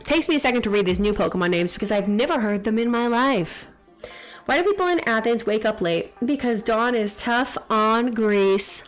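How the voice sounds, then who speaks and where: A woman's voice: mid-range voice, lively intonation, soft background music. Chatty young woman streamer. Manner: chatty, reads chat aloud, quick jokes and teasing. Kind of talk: casual live-stream chat.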